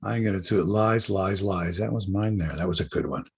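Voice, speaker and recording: A middle-aged man hosting a sports podcast in casual, animated chat. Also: sits low, fast talker, gravelly, slightly rough. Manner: animated, chatty storyteller.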